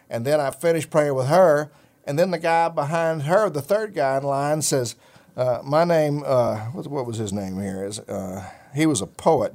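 Telling a personal faith story in casual conversation, this middle-aged ministry talk show host rambles folksily and leans on plenty of fillers. His voice is mid-range and somewhat dark.

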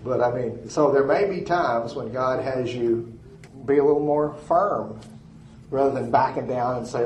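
A man's voice: medium pitch, unhurried, a little mellow, echoey room, a little hiss or hum, rough recording. A man, a minister teaching and telling a personal story in a folksy, chuckling way.

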